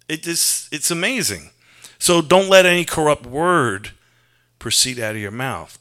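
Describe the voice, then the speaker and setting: A New York pastor with a fairly high, sharp-toned voice delivers an earnest, conversational sermon. He weaves scripture together with personal confession.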